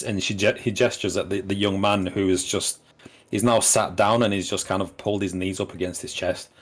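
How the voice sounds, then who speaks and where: Low man narrating a game. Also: steady tone, brisk, faint music behind. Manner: hesitant, many fillers and restarts. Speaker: game master.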